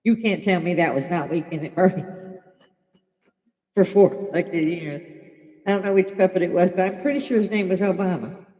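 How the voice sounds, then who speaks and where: A woman's voice: lowish voice, moderate pace, pauses often, dark tone. Blunt older woman in a reverberant room. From Chicago. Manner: blunt and profane, laughing often. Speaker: livestream host. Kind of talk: casual opinionated livestream chat.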